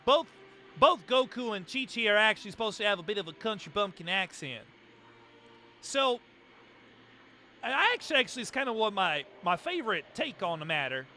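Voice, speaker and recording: A man's voice: high voice, sing-song, moderate pace, long pauses, bright, forceful tone, a little hiss or hum. A man streaming live, chatting casually and rambling about doing character voices. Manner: chatty, rambling with many fillers and restarts. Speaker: livestreamer.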